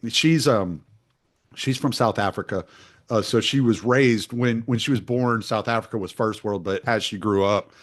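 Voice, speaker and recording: A middle-aged American man hosting a podcast, chatting casually and telling rambling stories with lots of restarts and laughter. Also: medium pitch. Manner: rambling storyteller with many restarts, laughs often. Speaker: podcast host. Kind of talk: casual chat.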